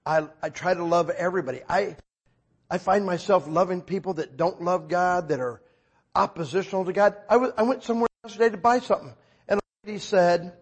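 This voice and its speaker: A man preaching a conversational sermon, telling stories and acting out dialogue with sudden loud outbursts. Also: high voice, slightly rough.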